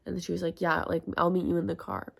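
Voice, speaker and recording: Crude chatty young woman with vocal fry. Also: lowish voice, sing-song, fast talker. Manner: chatty, crude and self-mocking, heavy use of "like". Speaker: vlogger. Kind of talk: casual storytime.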